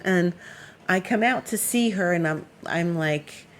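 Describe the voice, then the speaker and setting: A woman's voice: on the low side, expressive, measured pace, a little hiss or hum. A woman astrologer giving a casual weekly forecast, chatty and meandering with plenty of fillers.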